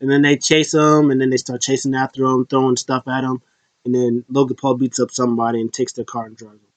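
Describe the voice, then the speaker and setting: A man's voice: medium pitch, flat delivery, fast, no echo. A man hosting a casual solo recap, rambling loosely with restarts and fillers. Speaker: wrestling show host. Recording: dull lo-fi dry recording.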